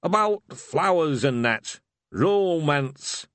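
A rough old barbarian who muses aloud about songs and dinner, as voiced by a man reading a story. The voice is lifted above a man's usual pitch and lightly pushed. He drawls some words slowly. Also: expressive, a bit bright, dry recording. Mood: musing. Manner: musing and rough-mannered.

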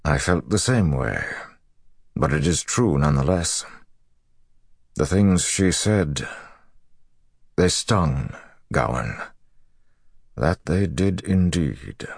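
A man voicing a grizzled older male general who talks gruffly and gravely. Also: a bass voice, expressive, slow, pauses often, no room sound, clean studio sound, exaggerated voice.

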